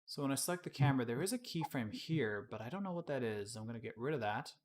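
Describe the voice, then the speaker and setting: A man casually explaining his work on a live-streamed software tutorial, chatting and laughing at his own slips. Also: medium pitch, expressive, fast talker. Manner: casual, laughs often, self-deprecating.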